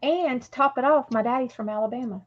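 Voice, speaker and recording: A woman's voice: high voice, fast talker. A woman chatting casually with friends on a craft stream, plain-spoken and wry. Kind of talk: casual chat while crafting. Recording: slightly dull sound.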